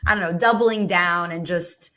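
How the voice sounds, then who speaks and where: A woman's voice: lowish voice, moderate pace, sharp tone. A woman hosting a casual political chat, talking loosely with many fillers and restarts. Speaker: host.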